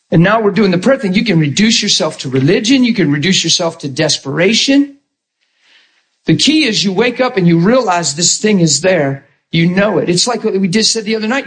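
A man with a high voice delivers a lively sermon as a pastor. He is animated and theatrical, slipping into quick impressions to make his point. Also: low-quality recording. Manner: animated, acts out quoted voices.

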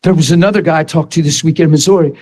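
A man preaching a sermon, telling stories with passion, repeating himself and breaking into shouts. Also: fairly high pitch, steady tone, very fast. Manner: passionate, repetitive storytelling with bursts of shouting.

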